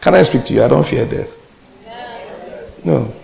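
A man's voice: fairly high pitch, lively intonation, moderate pace, gravelly, pauses often, poor audio. A man preaching a sermon as pastor, telling a story and then calling out to the congregation with rising, exclaiming lines.

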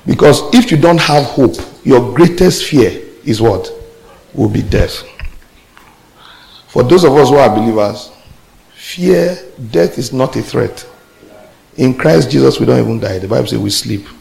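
A male pastor preaching with a deeply gravelly, fry-laden voice at a middling pitch. He shifts between quiet, low storytelling and loud, climbing call-and-response exclamations to the congregation. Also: animated, a little slow, long pauses, a little hiss or hum, rough recording. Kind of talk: sermon.

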